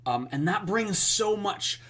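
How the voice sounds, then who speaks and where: A man's voice: sits high, expressive, a little slow, fairly bright tone. A man co-hosting a podcast, talking in a rambling, enthusiastic way with lots of fillers. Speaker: podcast co-host. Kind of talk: casual podcast chat.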